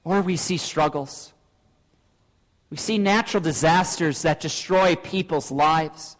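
Man preaching in a church, really high voice, long echoey reverb, asks lots of questions. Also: a bit bright. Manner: earnest preaching with rhetorical questions. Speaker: pastor. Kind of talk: sermon.

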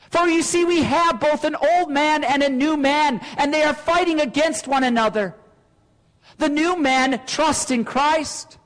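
A man's voice: very high-pitched, fairly bright tone, long reverb tail, low-quality recording. A man preaching a sermon as pastor, earnest and full of rhetorical questions.

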